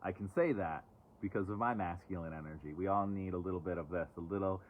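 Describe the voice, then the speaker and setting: A man's voice: low-pitched, fast, a little hiss or hum. A man casually reading oracle cards on a live stream outdoors, chatty with sarcastic asides. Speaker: oracle card reader. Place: outdoors, away from home. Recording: tinny phone-like live stream.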